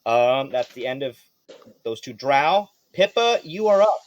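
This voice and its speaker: A man narrating as game master of a tabletop role-playing game, lively and quick to laugh. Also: medium pitch, lo-fi sound. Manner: lively, laughs often, jumps into quick character shouts.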